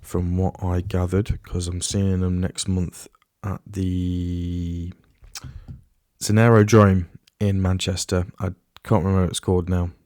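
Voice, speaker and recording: A man's voice: low voice, level tone, measured pace, a little mellow, no room sound, clean studio sound. A man hosting a solo podcast in a casual, rambling way, often restarting and trailing off into asides. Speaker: podcast host.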